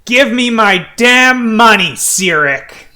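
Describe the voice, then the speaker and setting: Man doing erratic human woman, jittery, shrill, shouty, tabletop game figure. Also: normal speed. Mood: shouting. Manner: high-strung, excitable, suddenly shouting.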